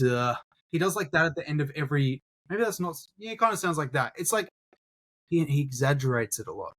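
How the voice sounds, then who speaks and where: A young man chatting on a podcast, his voice sitting a little high for a man. He talks in a relaxed, loose way, swearing freely and throwing in "dude" and "bro" as he goes. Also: a little fast. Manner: laid-back, swears a lot, says dude and bro. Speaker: podcast co-host, YouTuber. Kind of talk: casual podcast chat.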